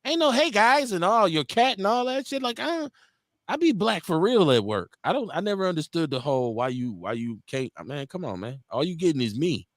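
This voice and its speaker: Brief: profane, laid-back Black host from Milwaukee. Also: male voice, fairly high pitch, big pitch swings, fairly quick, no echo, clean studio sound. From Milwaukee, Wisconsin. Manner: loose, profane, laughs often. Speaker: radio show host. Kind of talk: casual chat.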